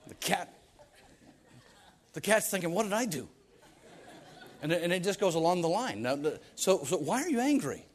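A man's voice: sits high, sing-song, moderate pace, pauses often. A man preaching a sermon, firing off rhetorical questions and stumbling over repeated words as he presses his points. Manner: emphatic preaching with stammered restarts and rhetorical questions. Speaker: pastor.

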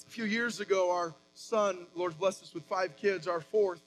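A man in his thirties preaching a sermon as pastor, with animated emphatic rises and quick asides. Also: high voice, slight background noise, rough recording.

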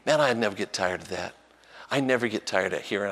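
A man's voice: normal speed, slightly rough. Older male pastor preaching in a hall. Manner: storytelling, animated, voice jumps high when acting out a child. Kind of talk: sermon.

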